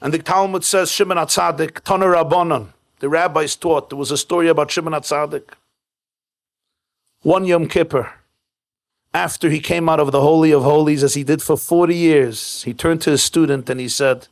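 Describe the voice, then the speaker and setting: A man's voice: fairly high pitch, fairly even intonation, moderate pace, gravelly. A man, a rabbi, giving a keynote sermon at a home event, mixing jokes with storytelling in short, punchy repeated phrases. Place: private home event with live audience.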